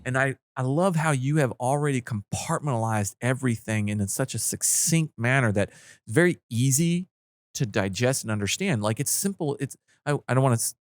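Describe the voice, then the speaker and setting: A man hosting a podcast, chatting casually and reacting with quick affirmations. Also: mid-range voice, expressive, no echo. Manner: reactive, lots of short affirmations. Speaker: podcast host. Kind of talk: casual interview chat.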